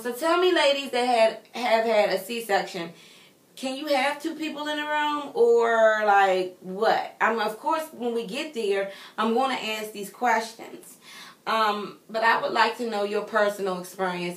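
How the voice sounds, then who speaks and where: Pregnant woman vlogger, chatty and expressive, addressing viewers, echoey room, mic placed a bit far off. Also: medium pitch, a little slow. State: heavily pregnant. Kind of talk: casual chat to viewers. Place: home nursery room.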